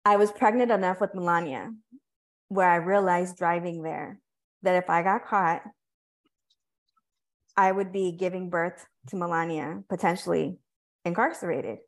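A woman's voice: on the low side, fairly even intonation, a little slow, long pauses. A woman hosting a podcast, telling a personal story in a reflective, emotional way with many restarts. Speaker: podcast host. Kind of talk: candid conversational storytelling.

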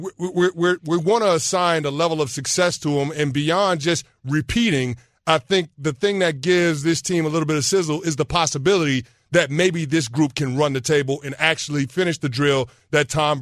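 A man's voice: on the high side, brisk, hardly any pauses, fairly bright tone, no echo, clean studio sound. A man co-hosting a sports radio show, a former pro football player, talking in an easygoing, emphatic way. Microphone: studio microphone.

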